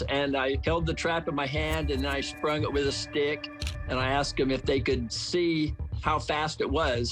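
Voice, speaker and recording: A man's voice: mid-range voice, low-quality recording. A man in his seventies telling a story in a plain, folksy way during a documentary interview. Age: 70s. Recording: faint music underneath. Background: faint music.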